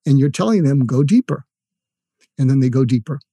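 An older retired man, a communication expert appearing as a guest, gives communication tips in an instructive interview, explaining with examples and acted-out phrases. His mid-range voice is rapid-fire and mellow, the audio dry with no echo and the highs cut off.

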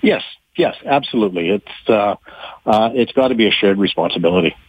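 A man who works with trucking companies, answering radio interview questions in a halting way with many fillers and restarts, a little out of breath. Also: fairly low pitch, animated, slightly rough, no echo. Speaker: trucking industry guest. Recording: muffled phone-like line, dry.

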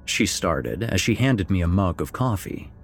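Deep lively guy reading a story out loud, wry then somber, music low behind. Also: normal speed. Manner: expressive, swings between wry and somber. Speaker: story narrator. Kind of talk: first-person fiction narration with dialogue. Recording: faint background music.

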